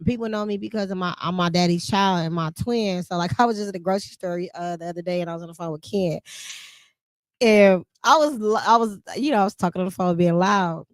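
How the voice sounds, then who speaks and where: Animated woman podcast host, dry close sound. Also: lowish voice, fast talker, dry recording. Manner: animated, emphatic, laughs often, speaks in vernacular. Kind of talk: casual conversational chat.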